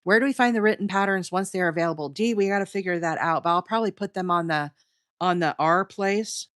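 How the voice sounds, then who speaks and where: Speaking quickly in a lowish voice, this middle-aged Alabama woman rambles through a crochet livestream, addressing her chat directly in a Southern US accent. It's relaxed stream talk over her crocheting, captured dry and at studio quality.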